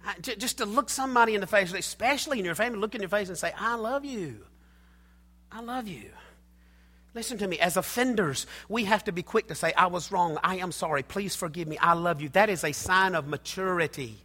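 A high-pitched pastor talks fast with few pauses and a sharp tone, his voice filling a big church hall. He preaches emphatically, repeating phrases and calling out to the people gathered.

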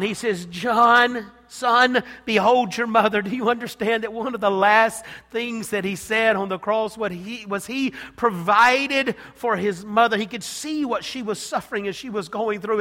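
A man preaching a sermon with passion, dropping to a hush and then rising loud. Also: sits high, normal speed, few pauses. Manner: impassioned, swinging from hushed to loud. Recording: long hall reverb.

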